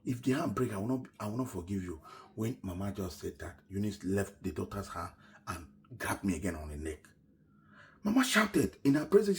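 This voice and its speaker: A middle-aged man with a Nigerian English accent tells a personal story, swinging from loud quoted lines down to near-whispers. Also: low voice, a little fast, slight background noise. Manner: animated retelling, shouts quoted lines then drops to a near-whisper.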